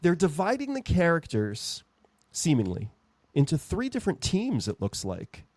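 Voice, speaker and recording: A man's voice: fairly high pitch, wildly swooping pitch, normal speed, a little mellow, dry recording. A man hosting a podcast, chatting in a rambling, jokey way. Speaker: podcast host. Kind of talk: casual podcast chat.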